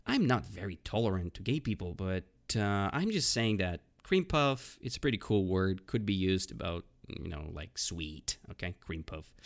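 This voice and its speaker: A man hosting a casual vocabulary lesson podcast. He explains words slowly with many fillers and keeps checking in with "right?" and "okay?". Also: fairly low pitch, creaky. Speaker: English teacher, podcast host.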